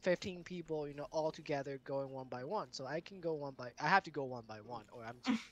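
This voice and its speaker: A man's voice: a little high, quick pace. A man chatting with friends while gaming, rambling on with lots of fillers. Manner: rambling, filler-heavy talk. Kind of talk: casual chat over voice chat. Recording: clear noise behind the voice.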